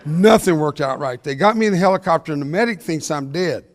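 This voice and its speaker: An older man, giving a motivational speech that mixes jokes with storytelling and talks fast. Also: fairly high pitch, big-room sound. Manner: energetic, joking, fast-talking. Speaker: motivational speaker. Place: large hall before an audience.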